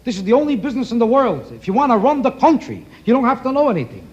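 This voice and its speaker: A man's voice: very high voice, sing-song, fast talker, lo-fi sound. A man doing a rambling stand-up comedy routine on a TV stage, teasing the audience between jokes. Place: television studio stage before an audience. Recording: loud studio audience laughter and noise.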